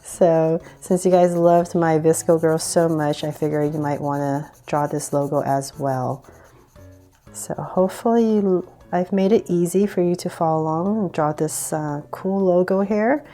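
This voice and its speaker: A woman's voice: lowish voice, unhurried, warm tone. A woman hosting a casual drawing tutorial, chatty and giggly, often saying um and poking fun at herself. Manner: chatty, giggly, self-deprecating, many ums.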